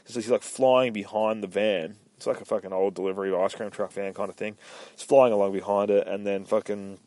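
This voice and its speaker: A man hosting a comic book podcast, recapping an issue in casual, profane play-by-play and dropping into quick voice impressions. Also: fairly low pitch, steady tone, darkish tone, no echo.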